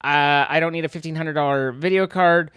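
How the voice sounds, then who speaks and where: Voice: mid-range voice, fairly quick, clean tone, dry recording, studio quality. A live streamer chatting casually with viewers, rambling and teasing them playfully. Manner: rambling, animated.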